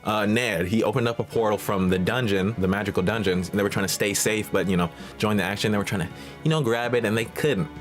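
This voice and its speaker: Man, movie recap host, slangy, profane, casual banter, lowish voice, soft background music. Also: fairly even intonation, fast.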